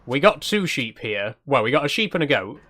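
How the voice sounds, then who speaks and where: A man's voice: medium pitch, sing-song, brisk, bright, forceful tone. A man streaming a cozy game, chatting casually, laughing often and poking fun at himself. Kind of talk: live stream gameplay commentary.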